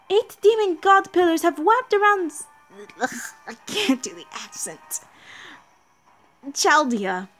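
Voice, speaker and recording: A confident woman inventor speaks urgently, as a woman reading a game's lines puts her on. The voice sits well above the reader's usual pitch. The delivery is brisk and bold. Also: full character voice. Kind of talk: reading game dialogue aloud.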